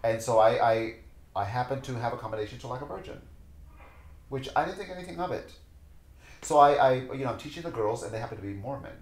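A male dancer and teacher, appearing as a podcast guest, tells stories with passion and acts out the voices of the people in them. His mid-range voice has lively intonation and a quick pace. The recording is poor and sounds roomy.

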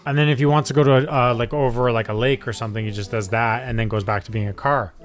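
A man talking through viral clips with a friend, curious and chatty, thinking out loud as he goes. His voice is mid-pitched, and soft music plays faintly underneath. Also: steady tone, fast. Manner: chatty, curious, hedging with fillers. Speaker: reaction video host. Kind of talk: casual reaction chat.

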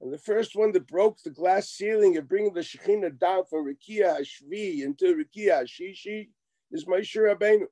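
A middle-aged man giving a Torah lecture as a rabbi, animated, with wry asides and acted-out exchanges. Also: high voice, moderate pace, no room sound.

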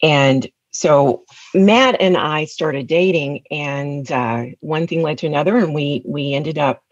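A woman's voice: low-pitched, slow, dry recording, dull audio. A woman in her fifties from West Tennessee with a Southern accent, telling her life story in an interview and laughing often. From West Tennessee, USA. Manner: frequent laughter, animated storytelling. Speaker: guest.

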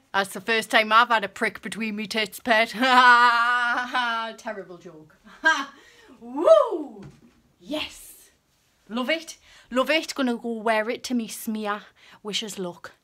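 A woman chatting on a casual vlog, excitable and cheeky, swinging between gushing and hushed asides. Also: on the high side. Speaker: vlogger.

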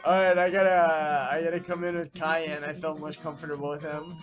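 A man hosting casual let's-play banter, excitable, swearing a lot and crying out at his losses. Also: on the high side, brisk, music in the background. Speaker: channel host.

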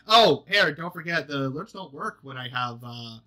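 A man's voice: fairly high pitch, sharp tone. A man hosting a casual group chat show, laughing and teasing the others as he talks. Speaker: podcast host.

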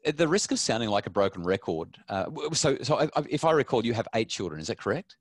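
A man's voice: mid-range voice, big pitch swings, fast talker, few pauses, no echo, clean studio sound. A man speaking as a parenting expert on a video call, earnest and explanatory, telling stories about his own family. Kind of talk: webinar talk on a video call. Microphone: video call microphone.

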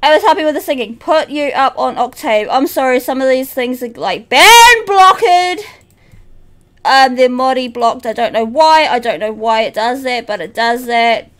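A woman's voice: high voice, lively intonation, moderate pace, a bit bright. A woman streaming a horror game, talking to her chat, jumpy and prone to shrieks and repeating herself. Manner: talks to chat. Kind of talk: live horror game commentary.

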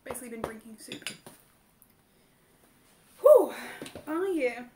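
A woman's voice: high voice, big pitch swings, slow, dark tone, slight background noise. A woman chatting and giggling while eating soup on a livestream, talking with her mouth full. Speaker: mukbang co-host. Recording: roomy echo.

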